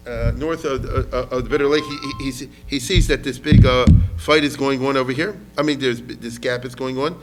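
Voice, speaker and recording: A man's voice: medium pitch, steady tone, moderate pace, few pauses. Guy giving a history lecture, chatty, keeps asking the room questions, drops in hebrew words, faint music under it. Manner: conversational, asks the audience questions often.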